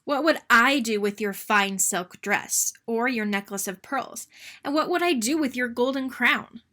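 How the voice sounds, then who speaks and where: A woman voicing a small, ugly male frog in a read-aloud storybook, asking and pleading in a high voice. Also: unhurried, sharp tone.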